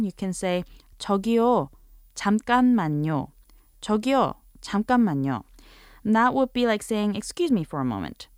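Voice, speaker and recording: A woman hosts a scripted language lesson in a steady, medium-pitched voice. She explains each phrase carefully and models the examples slowly and clearly. The sound is dry and close, with no room echo. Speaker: language teacher host.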